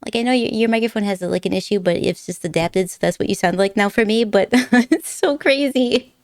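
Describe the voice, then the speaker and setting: A woman's voice: medium pitch, steady tone, quick pace, vocal fry, clear, resonant tone, no echo, clean studio sound. A young woman streaming from home at a desk mic, chatting casually with viewers in a giggly, rambling way and sounding a little nervous. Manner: giggly, chatty, rambling, puts on silly accents. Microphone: desk microphone.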